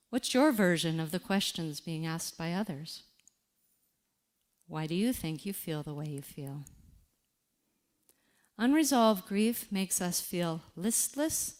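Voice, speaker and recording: A woman giving a motivational talk about grief, speaking with slow, deliberate emphasis and reflective pauses. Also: medium pitch.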